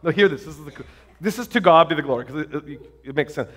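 A male pastor preaching a sermon, telling stories with excitement and lots of restarts and fillers. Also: fairly high pitch, fast talker.

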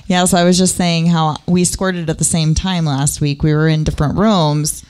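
A woman's voice: sits low, fairly even intonation, moderate pace, a little mellow, clean tone. A woman co-hosting a podcast in casual chat, teasing and frank, often giggling. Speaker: podcast co-host.

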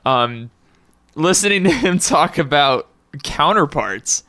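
A man's voice: a little high, expressive, takes it slowly, sharp tone, dry recording, studio quality. A young man hosting a casual podcast, rambling and laughing often as he tells stories. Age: young adult. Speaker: podcast host.

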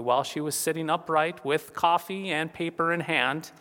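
A pastor giving a funeral sermon, earnest and steady, returning to key phrases again and again for emphasis. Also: male voice, a little high, moderate pace, in a large hall.

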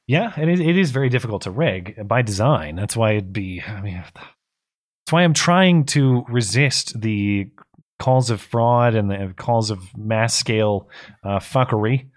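A man's voice: lowish voice, lively intonation, unhurried. Tired-voiced man reading viewer messages. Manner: thinking aloud with restarts and stumbles. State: tired, voice going. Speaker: co-host. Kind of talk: casual political talk, reading viewer messages.

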